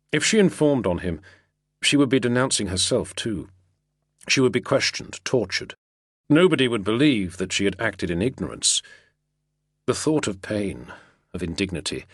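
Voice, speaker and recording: Low, husky male audiobook narrator. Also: a bit bright, no echo, studio quality. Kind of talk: scripted narration.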